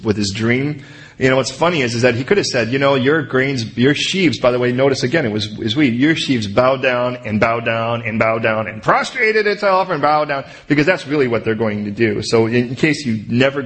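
A man preaching through a scripture passage with lively energy, reading verses and then slipping into quick playful voices for the characters. His delivery is casual and conversational, like a teacher in the pulpit. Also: medium pitch. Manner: animated, acts out the story characters' lines. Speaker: pastor. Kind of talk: verse-by-verse sermon.

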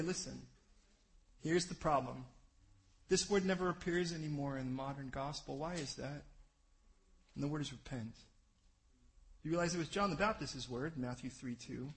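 A man preaching a sermon, speaking earnestly to his congregation and building to loud, rapid lists of scripture references. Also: medium pitch, low-quality recording. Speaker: pastor.

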